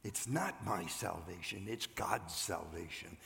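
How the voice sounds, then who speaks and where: Gravelly older preacher in a reverberant church. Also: male voice, sits low, slow. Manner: earnest, swings from loud to hushed. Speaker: pastor. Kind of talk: sermon. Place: church sanctuary.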